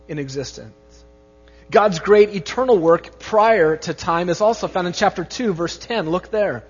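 Earnest preacher man, high voice. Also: slightly rough, big-room sound, dull audio. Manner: earnest preaching, rising emphasis on key phrases. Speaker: pastor. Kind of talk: sermon with opening prayer.

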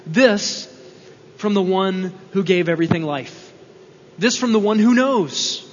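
A man's voice: high voice, normal speed. A man preaching an expository sermon in an earnest, explanatory way, asking rhetorical questions, in a church hall. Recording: dull, reverberant hall recording with faint hum.

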